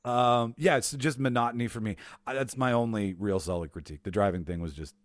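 A man's voice: medium pitch, fairly quick, no echo, clean studio sound. A man co-hosting a podcast on a video call, rambling loosely and swearing in casual debate. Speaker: podcast co-host. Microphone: home mic on a video call.

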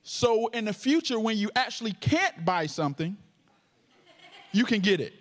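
A man's voice: sits high, sing-song, moderate pace. A man preaching a sermon with a stutter, joking playfully with the congregation. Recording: long hall reverb.

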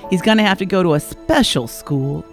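A woman's voice: on the low side, expressive, moderate pace, over music. A woman playing a stiff, matter-of-fact male school official in a comedy podcast reenactment.

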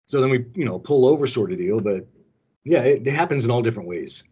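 A man's voice: medium pitch, lively intonation, fast, warm tone, breathy edge. A man co-hosting a casual show, telling a rambling personal story with lots of ums and restarts. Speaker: co-host. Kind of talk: casual call-in show chat.

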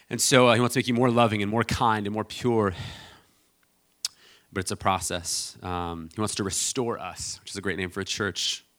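A male pastor preaching a sermon in a relaxed, storytelling way, with lots of fillers and restarts. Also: fairly low pitch. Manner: storytelling, conversational with many fillers.

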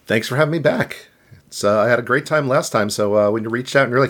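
A man appears as a guest author on a podcast, talking quickly and loosely. He swears casually and laughs things off. His voice sits in an average, unremarkable pitch. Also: fairly bright tone.

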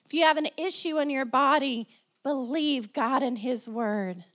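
High-voiced woman pastor preaching. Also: measured pace, a bit bright. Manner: preaching with call-and-response, repeating phrases for emphasis. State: slight cough. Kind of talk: sermon.

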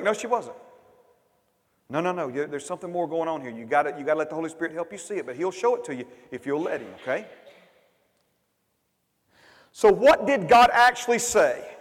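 A fervent male pastor with a high voice delivers a sermon in a large hall. His emphatic bursts swell and then drop into hushed, rapid asides. A long reverb trails every phrase. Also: lively intonation.

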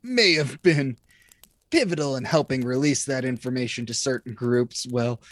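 A podcast host in their thirties who rants with animated energy and drops the odd swear word. The voice sits at a middling pitch, and the recording is dry and close. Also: no room sound. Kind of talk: casual chat.

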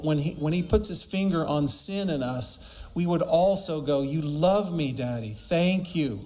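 A man preaching a sermon emphatically, asking rhetorical questions and quoting scripture. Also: fairly high pitch.

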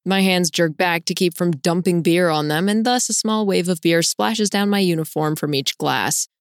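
Expressive woman reading a novel. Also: normal speed, clean tone, no echo, clean studio sound. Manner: expressive, with sudden bright leaps in pitch. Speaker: audiobook narrator. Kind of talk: first-person audiobook narration.

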